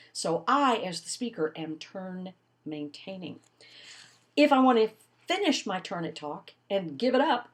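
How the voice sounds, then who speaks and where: Woman college instructor, casual and lively video lecture style. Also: medium pitch. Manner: conversational, animated teaching with rhetorical questions.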